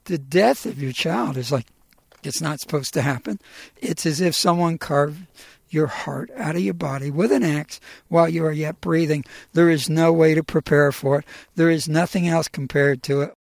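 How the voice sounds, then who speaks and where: Gravelly middle-aged man telling his story. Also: on the high side, no echo. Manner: halting and emotional, with pauses and fillers. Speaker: storyteller recounting his own life. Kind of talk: personal storytelling.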